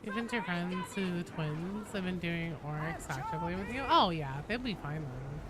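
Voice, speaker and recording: A woman host chats through a game stream with a lively, swooping voice, jumping between mumbled asides and loud cursing outbursts. Her mic picks up a clear layer of background noise. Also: on the low side, normal speed. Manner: excitable, swears a lot, jokey. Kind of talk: casual gameplay chat.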